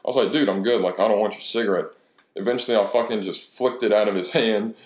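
Deep-voiced young man swearing through a story. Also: steady tone, fast. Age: 20s. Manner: profane, storytelling with quoted dialogue. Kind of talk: casual chat. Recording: echoey room.

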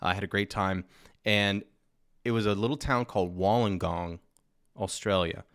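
A man's voice: fairly low pitch, moderate pace, a bit bright, no room sound, clean studio sound. A man in his thirties, a podcast guest chatting casually in a laid-back, rambling way. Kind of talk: casual chat.

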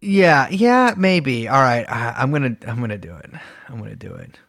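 A man's voice: medium pitch, expressive, moderate pace, gravelly, a bit bright. A man hosting a podcast in casual chat, joking and rambling, often mocking himself. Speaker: podcast host.

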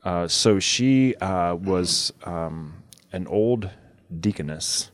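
A man's voice: low-pitched, drawn-out words, no room sound. A man hosting a podcast, telling a story in casual chat with many fillers and frequent laughs. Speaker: podcast host.

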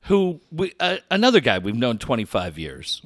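A man's voice: medium pitch, huge pitch swings, moderate pace, fairly bright tone, no room sound, studio quality. A middle-aged man hosting a sports talk show, telling a profane story with lots of laughter. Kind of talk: casual storytelling chat.

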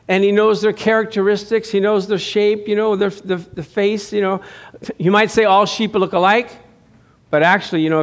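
A middle-aged male pastor with a voice that sits high preaches a sermon conversationally. He asks rhetorical questions and often repeats and restarts his phrases.

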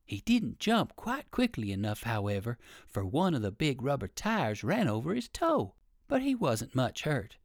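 A man reading an old children's storybook aloud, with lively sing-song storytelling. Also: medium pitch, normal speed, no echo, clean studio sound. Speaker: audiobook reader.

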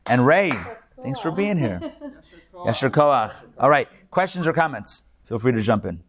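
A man's voice: medium pitch, expressive, moderate pace. A man, a rabbi, giving a live class lecture to an in-person and online group in a conversational way, with jokes and asides to his listeners. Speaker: rabbi teaching a weekly class.

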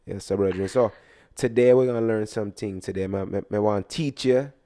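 A man co-hosting a podcast, from Jamaica, bantering playfully and putting on a loud, mock-stern teacher act. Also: fairly low pitch, moderate pace. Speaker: podcast co-host.

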